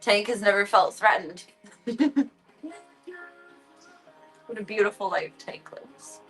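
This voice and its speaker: A woman's voice: mid-range voice, slow pace, fairly bright tone, husky, faint music behind, poor audio. Playful woman cooing at her cats. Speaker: livestreamer. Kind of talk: casual livestream chat.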